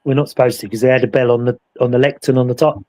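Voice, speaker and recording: A man recounting a ghost investigation in casual chat, acting out the voices in his story with animated energy. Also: medium pitch, racing. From England. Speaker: paranormal investigator.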